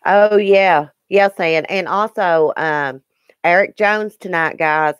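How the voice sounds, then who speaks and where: A woman's voice: fairly low pitch, slow, clear, resonant tone, dry recording, studio quality. A woman hosting a casual live stream, chatting earnestly with viewers and replying to their comments. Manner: chatty and earnest, with frequent ums and restarts. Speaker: YouTube live-stream host.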